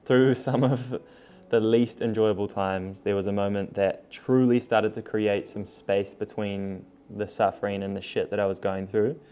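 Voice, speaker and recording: A young man talks straight to camera from a room still full of moving boxes. His voice sits low and mellow, with little rise and fall. He keeps it relaxed and frank and swears freely. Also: measured pace, hardly any pauses, slight background noise. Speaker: vlogger. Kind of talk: casual talk to camera.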